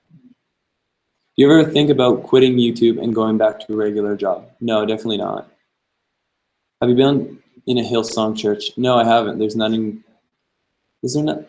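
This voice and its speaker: A young travel vlogger hosts a live-stream Q&A, answering viewers' questions in an easygoing manner and thinking out loud as he goes. His voice is medium-pitched and darkish, and the recording sounds rough.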